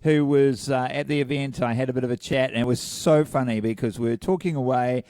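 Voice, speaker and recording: A man's voice: mid-range voice, fairly even intonation, a little fast, dark tone, dry recording, clean studio sound. A man co-hosting a casual podcast, hungover, rambling and self-deprecating, laughing often. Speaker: podcast co-host. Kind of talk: casual chat.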